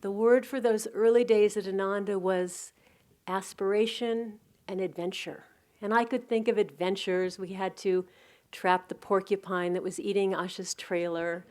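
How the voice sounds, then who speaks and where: A middle-aged woman giving a reflective spiritual talk, telling anecdotes in a gentle, unhurried way with soft restarts. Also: mid-range voice, steady tone. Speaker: spiritual community teacher.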